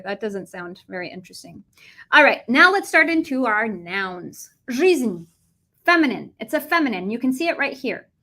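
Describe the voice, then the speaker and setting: A young American woman with a lively, animated delivery, teaching a Russian vocabulary lesson and switching between English and Russian. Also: a little high. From United States.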